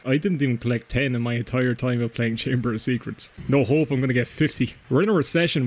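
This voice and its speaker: A man's voice: fairly high pitch, a little mellow. A man with an Irish accent, commenting casually and sarcastically while playing a video game, with plenty of swearing. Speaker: game streamer. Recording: noisy background.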